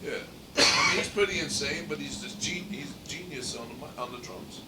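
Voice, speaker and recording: A man co-hosting a podcast, an animated storyteller acting out quotes in casual chat. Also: a little high, normal speed. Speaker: podcast co-host. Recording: roomy, distant mic with background noise.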